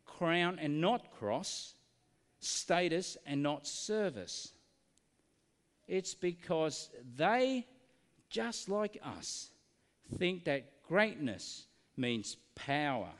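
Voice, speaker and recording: A man preaching a sermon, earnest and full of rhetorical questions, slowing down to stress key words. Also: on the high side, big-room sound.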